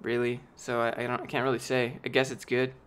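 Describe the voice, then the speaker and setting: A man's voice: mid-range voice, monotone, fairly quick, a bit bright, smooth. A young man chatting casually on a live stream, answering chat with rambling, jokey, profane talk.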